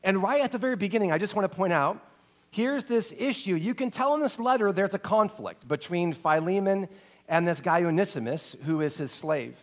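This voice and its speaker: Middle-aged male pastor, fairly high voice, earnest storyteller, goes soft and low when moved. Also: animated, brisk. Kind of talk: sermon with personal story.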